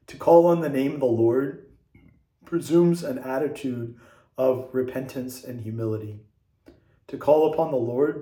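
A man's voice: mid-range voice, mellow. A man who is a priest, giving an earnest homily that speaks straight to the listener. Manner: earnest, direct, urging the listener. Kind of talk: homily addressed to viewers. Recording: echoey room.

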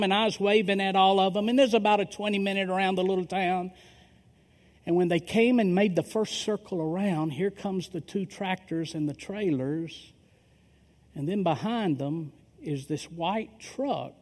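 A middle-aged male pastor telling a story in a sermon, acting out the dialogue of the people in it. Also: high voice. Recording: long reverb of a large hall.

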